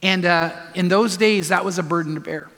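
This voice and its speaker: A man preaching to a congregation, his voice high and bright. He tells stories and drives home his point with repeated earnest commands, and a long reverb trails every phrase through the hall. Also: fairly quick. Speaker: pastor. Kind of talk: sermon.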